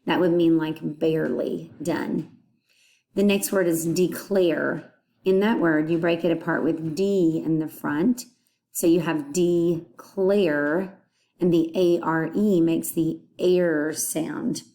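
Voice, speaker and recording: A woman's voice: low voice, mellow. A woman teaching a phonics lesson, patiently breaking words into their parts and explaining what they mean.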